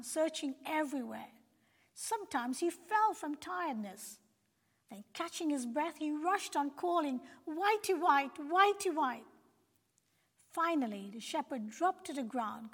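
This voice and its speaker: A woman narrating a children's Bible story in an earnest, gentle preaching tone. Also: sits high. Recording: long hall reverb.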